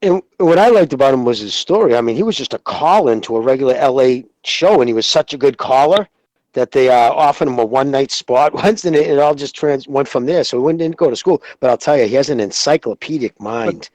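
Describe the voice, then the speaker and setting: A man's voice: medium pitch, fairly quick, no room sound, rough recording. A man co-hosting a boxing podcast in casual chat, laid back and using slang like "dude". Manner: relaxed, uses "dude" and "man". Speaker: podcast co-host.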